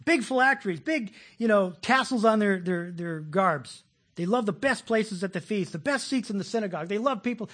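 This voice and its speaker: A middle-aged man preaches in a husky, rather high voice. He talks in a folksy, animated way, slipping in jokes and acted-out voices as he goes. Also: a little fast. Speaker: pastor. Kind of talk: sermon.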